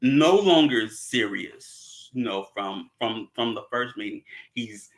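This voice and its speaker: A man's voice: medium pitch, lively intonation, slow pace. A man in casual chat recapping a film, rambling and chuckling often as he acts out the characters' lines. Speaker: movie discussion participant.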